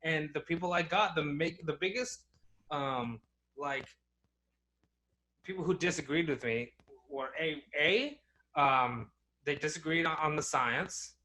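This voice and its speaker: A man's voice: a little high, unhurried, long pauses, pushed and bright. Casting note: young man, casual podcast co-host, rambling, many fillers, restarts. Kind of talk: casual chat.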